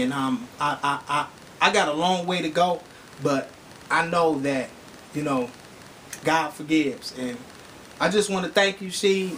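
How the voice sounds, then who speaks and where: A man's voice: a little high, a bit bright, slight background noise. A man in a studio giving an earnest, heartfelt spoken testimony, full of "you know" fillers. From Detroit area.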